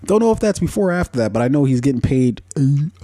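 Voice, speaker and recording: A man hosting a casual commentary podcast, his voice warm and mellow rather than bright. He rambles through his points with plenty of fillers, curses freely and laughs at his own asides. The sound is dry and close, with no room echo. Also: medium pitch, sing-song, quick pace. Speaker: podcast host.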